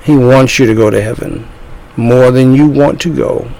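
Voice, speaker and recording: A man preaching an evangelistic sermon, slow and deliberate, drawing out his phrases. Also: mid-range voice, gravelly, mellow, rough recording.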